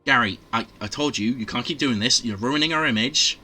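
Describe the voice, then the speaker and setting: A man's voice: mid-range voice, brisk, sharp tone, a little hiss or hum. A man voicing an exasperated male pig who scolds another pig with swearing.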